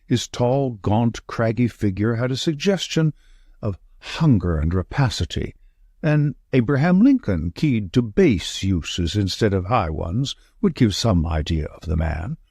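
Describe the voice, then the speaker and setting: A man narrating a classic detective audiobook with steady, expressive delivery. His voice has a husky grain and a lively, rolling pitch, recorded close and dry. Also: unhurried, no room sound. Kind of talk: scripted narration.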